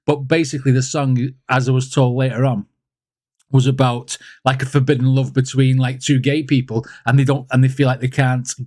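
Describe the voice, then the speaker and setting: A man's voice: medium pitch, little pitch movement, normal speed, darkish tone, no echo, studio quality. A man hosting a music reaction video, chatting casually and rambling, with lots of fillers.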